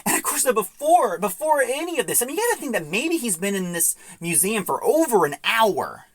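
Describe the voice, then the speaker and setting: A woman's voice: mid-range voice, very animated, fairly quick. A young woman casually recapping and reviewing an audio drama, retelling scenes in a chatty way with many asides.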